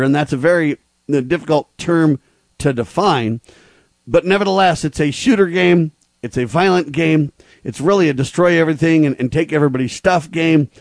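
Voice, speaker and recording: A man hosting a talk radio show, delivering emphatic, preachy commentary in quick bursts. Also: a little high, no echo.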